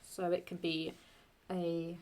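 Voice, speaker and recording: A young woman explaining Latin verse in a casual, halting way, often stopping to correct herself as she writes. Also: fairly low pitch, flat delivery, darkish tone. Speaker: Latin teacher.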